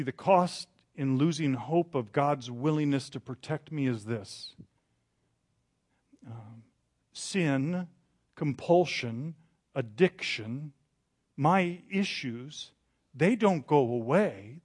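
A man preaching a sermon, telling the story with dramatic rises, then turning quiet and confessional. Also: on the high side, expressive, slow pace. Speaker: pastor.

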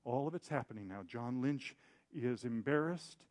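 A preacher tells a personal story in a sermon, candid and self-deprecating, acting out the voices of the people he quotes. His medium-pitched voice is expressive and a little mellow, at a moderate pace.

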